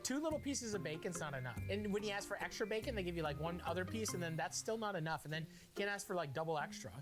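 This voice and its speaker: Lively, playful man cooking over loud music. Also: fairly high pitch. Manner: playful, excitable, crude jokes. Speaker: cooking show host. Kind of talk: energetic cooking demonstration.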